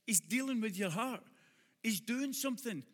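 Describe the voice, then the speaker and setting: A man with a Glaswegian accent preaching a sermon to a congregation, with humorous asides that build to shouted exhortation. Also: high voice, lively intonation, normal speed, long reverb tail. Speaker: pastor.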